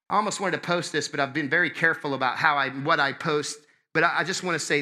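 A man preaching a sermon as pastor, conversational and impassioned, swinging between loud and hushed. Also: fairly high pitch, fairly even intonation, quick pace.

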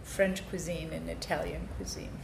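A woman's voice: deep voice, steady tone, normal speed, vocal fry. A woman hosting an interview, asking questions in short prompts. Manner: short prompts and back-channel replies. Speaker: podcast host. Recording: echoey room with noise.

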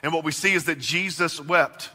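Bright-voiced man preaching in a hall. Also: fairly high pitch, moderate pace. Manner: earnest preaching with swells and drops in volume. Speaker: pastor. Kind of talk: sermon.

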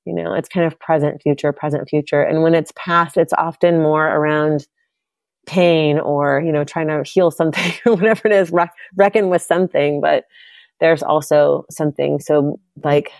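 A woman's voice: low-pitched, steady tone, normal speed, creaky, no room sound. A woman in her thirties hosting a heartfelt podcast conversation, reflective and searching, with many fillers and restarts. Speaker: podcast host.

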